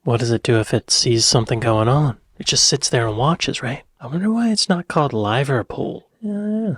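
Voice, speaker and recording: A man's voice: medium pitch, fairly quick, no echo, studio quality. A man casually reacting to a video, curious and chatty. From United States. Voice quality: husky.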